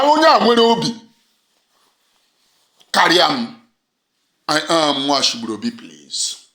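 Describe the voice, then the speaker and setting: A man with a Nigerian accent delivering an impassioned monologue, fiery and repetitive, moving between shouted lines and low intense ones. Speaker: online commentator. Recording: roomy echo.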